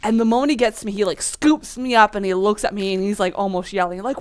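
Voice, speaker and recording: A woman's voice: mid-range voice, animated, fast, few pauses, clear, resonant tone. A woman telling a childhood story in a rambling, casual way while playing a game, with many fillers. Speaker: gaming channel host.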